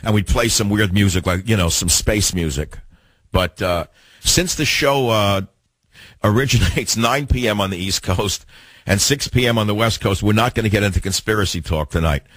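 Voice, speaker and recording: A man's voice: fairly low pitch, animated, normal speed, fairly bright tone, no echo. An older man hosting a talk radio show, delivering an opinionated, combative monologue with rhetorical questions. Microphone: studio mic.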